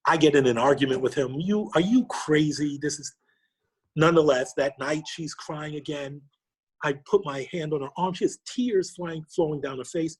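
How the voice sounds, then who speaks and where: A middle-aged man from New York, a podcast guest, telling a personal story with lively quoted dialogue. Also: a little high, normal speed, slightly rough. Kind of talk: storytelling interview.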